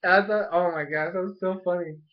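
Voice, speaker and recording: A young man casually reviewing an anime episode, rambling and animated, acting out the characters' lines as he goes. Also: high-pitched, fairly quick. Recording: dull lo-fi sound.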